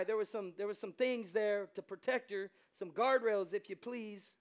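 A male pastor with an American accent preaching a sermon, swinging between quiet asides and loud, fervent exclamations and acting out quoted voices. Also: high voice, moderate pace, hardly any pauses, some chatter behind.

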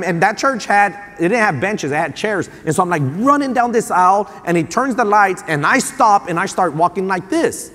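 Male pastor in his thirties, animated storytelling sermon with lots of restarts, a fairly high voice, long church reverb. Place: church sanctuary.

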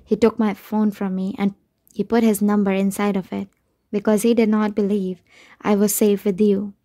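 A woman reads a first-person novel aloud in a measured, steady way. Her voice is mellow and dark, with a flat, even pitch line. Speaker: audiobook narrator.

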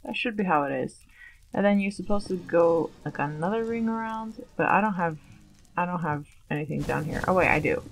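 A woman's voice: lowish voice, brisk, creaky, a little hiss or hum, rough recording. A woman giving casual gameplay commentary, chatty and nervous, often questioning herself aloud. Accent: Long Island put-on at times. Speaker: let's play gamer.

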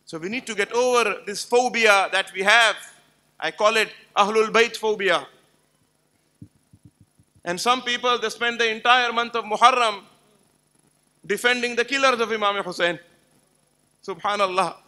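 A man's voice: high voice, normal speed, long pauses, sharp tone. A man giving an emphatic religious lecture to a live gathering, telling stories and putting rhetorical questions to the audience. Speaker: Islamic lecturer.

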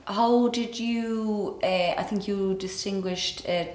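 A woman's voice: mid-range voice, steady tone, slow, darkish tone, slight background noise. Irish woman from kerry doing an interview, chatty, lots of uhs, roomy echo. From Ireland. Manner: chatty, hesitant with fillers. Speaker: radio host interviewer. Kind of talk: casual interview.

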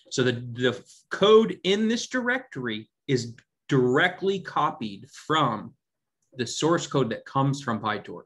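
A man's voice: mid-range voice, a bit bright. A man teaching a live coding lecture to a class. He talks casually and keeps checking in with the students. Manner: conversational, often checks in with the class. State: has hiccups. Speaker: instructor.

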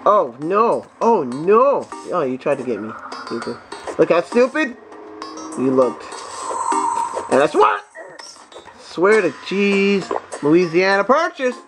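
A young man doing profane, excitable let's play commentary, talking back to the enemies on screen. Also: high-pitched, takes it slowly, long pauses, soft background music. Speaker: gameplay commentator.

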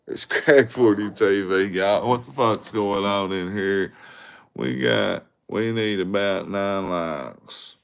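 A man drawls slowly through a phone livestream. His low voice is gravelly yet resonant, with a crude, rambling manner as he calls out viewers and begs for likes. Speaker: livestream host. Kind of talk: casual livestream chat with viewers. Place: outdoors on a walking livestream.

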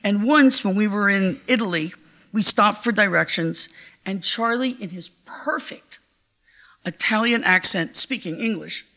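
An older woman giving a heartfelt, measured eulogy at a memorial gathering. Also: medium pitch, sharp tone. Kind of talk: memorial tribute speech.

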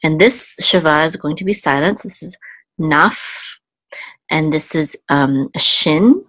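A woman's voice: low-pitched, animated, fairly bright tone, husky, no room sound. A woman teaching a Hebrew reading lesson, patiently sounding out syllables one by one with frequent ums. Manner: patient, spells out sounds slowly, thinks aloud with ums. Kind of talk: casual step-by-step lesson.

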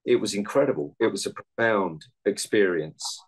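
A man's voice: fairly low pitch, normal speed, husky, rough recording. A man, a meditation and martial arts coach, giving earnest interview answers full of anecdotes from his coaching.

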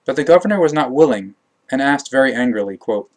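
A man reading a religious text aloud as an audiobook narrator, measured, with occasional self-corrections. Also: medium pitch, poor audio.

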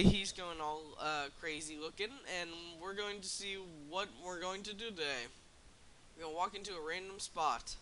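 A man hosting a gaming channel, giving excitable, chatty gameplay commentary straight to his viewers. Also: sits high, a little hiss or hum.

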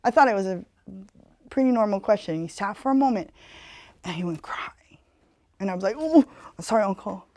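A woman's voice: medium pitch, expressive, brisk, long pauses, darkish tone, dry recording. A woman from Hawaii with a Hawaiian Pidgin-tinged accent gives a community talk in an earnest, conversational way. She tells stories and keeps checking in with "you know.". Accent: Hawaiian Pidgin-tinged English. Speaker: speaker giving a community presentation.

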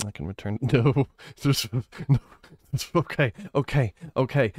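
A young man talks to his stream in a giggly, flustered way, shaky from adrenaline and slipping between bratty teasing and pleading. His voice sits at a middling pitch. It is recorded close up in a dry room. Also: unhurried, few pauses, a little mellow, no room sound. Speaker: livestreamer. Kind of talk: casual live-stream chat.

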